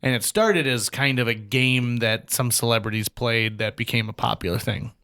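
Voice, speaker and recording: A man from Fargo with a North Dakota accent, telling a lively anecdote on a casual talk show. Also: mid-range voice, normal speed. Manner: animated anecdote telling with quoted voices. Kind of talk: casual storytelling.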